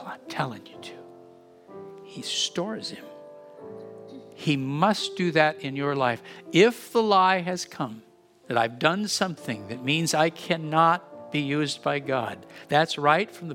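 A man's voice: a little high, fairly bright tone. A man preaching a sermon as pastor, earnest and often repeating words as he builds emphasis, then leading a prayer.

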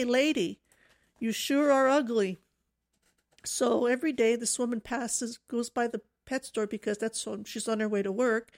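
A woman co-hosting a live radio talk show, telling stories in a chatty way with many fillers. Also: on the high side.

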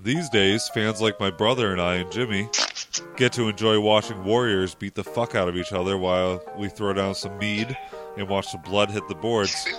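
Man, low voice, casual podcast host, deadpan jokes, music playing behind. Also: moderate pace. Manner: jokey, deadpan asides while reading. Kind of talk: casual podcast banter, reading history notes.

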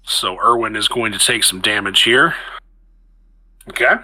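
A man's voice: lowish voice, unhurried, sharp tone, rough recording. A man narrating as game master of a tabletop game, chatty and restarting phrases as he describes the action.

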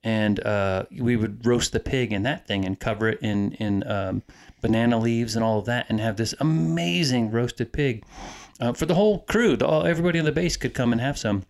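A man in his fifties, a former Coast Guard cook turned recruiter, reminiscing easily in casual chat, pausing often on "uh" and "um". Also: mid-range voice, vocal fry. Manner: easygoing, halting with "uh" and "um".

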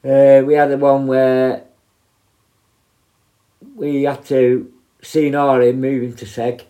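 A man's voice: mid-range voice, little pitch movement, takes it slowly, warm tone. A man, a former prison officer, telling stories casually with many fillers and asides. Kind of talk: casual storytelling.

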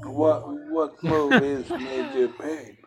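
Relaxed man voting in a group chat. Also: fairly high pitch, takes it slowly, crowd noise.

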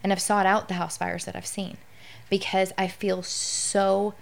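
A woman's voice: medium pitch, level tone, measured pace, creaky. A middle-aged woman speaking candidly and with emotion as a guest in a conversational interview.

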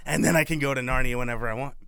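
A man's voice: mid-range voice, racing, gravelly, clear, resonant tone, no echo, clean studio sound. A young adult man co-hosting a podcast, joking around in casual book chat and poking fun at himself. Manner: jokey, animated, self-deprecating. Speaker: podcast co-host.

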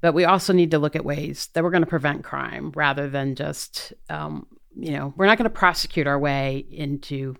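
A woman's voice: low voice, moderate pace, vocal fry, fairly bright tone, smooth. A middle-aged woman, a prosecutor running for office, answering interview questions earnestly with frequent fillers and restarts. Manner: earnest, thinks aloud with many fillers. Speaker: prosecutor and DA candidate.

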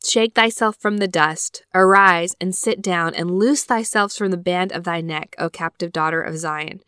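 A woman hosting a devotional scripture-study podcast from a small closet on a laptop microphone, reading verses slowly and then reflecting earnestly. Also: on the low side, a bit bright, clear, resonant tone, dry recording, studio quality. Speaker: podcast host. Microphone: built-in laptop microphone.

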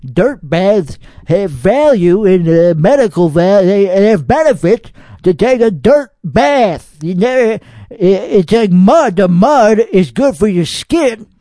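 A man's voice: high-pitched, very animated, slow pace, mellow, no echo, clean studio sound. A man with a Texan accent hosting a podcast, reacting to internet videos in rambling, profane, mock-outraged casual commentary. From Texas. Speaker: podcast host.

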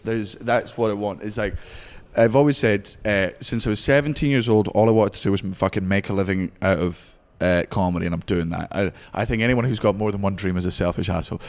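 A Scottish man in his thirties, a stand-up comedian in interview who talks in a profane, rapid storytelling way. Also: lowish voice, long reverb tail. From Scotland. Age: 30s. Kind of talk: candid interview chat.

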